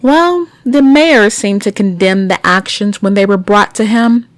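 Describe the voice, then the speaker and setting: A woman's voice: mid-range voice, unhurried, no echo. A woman hosting a news commentary podcast, reading stories and breaking in with blunt, indignant asides to her listeners. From United States. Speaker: podcast host.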